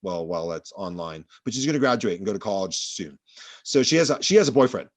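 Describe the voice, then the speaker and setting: A man's voice: lowish voice, expressive, quick pace. A male professor giving a rambling, anecdotal classroom lecture full of fillers.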